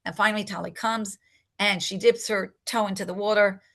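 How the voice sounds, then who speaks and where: Older woman telling a story, gravelly. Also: mid-range voice, fairly quick. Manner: animated storyteller, acts out quotes. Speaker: rebbetzin and mikveh attendant. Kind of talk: personal storytelling talk.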